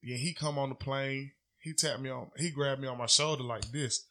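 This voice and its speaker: A man co-hosting a casual podcast, telling a story in a loose, profane and animated way. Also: mid-range voice, moderate pace. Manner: profane, animated storytelling, loud when riled. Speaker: podcast co-host.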